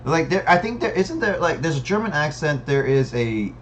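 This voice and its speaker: A man's voice: a little high, very animated, normal speed, slight background noise. A man streaming a game, playfully reading the game text aloud and joking. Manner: playful, reads dialogue aloud with jokes.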